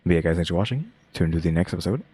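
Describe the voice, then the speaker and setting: A young man hosting his own channel, giving laid-back, monotone reaction commentary. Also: low voice, rapid-fire, husky. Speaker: channel host reacting to a game showcase.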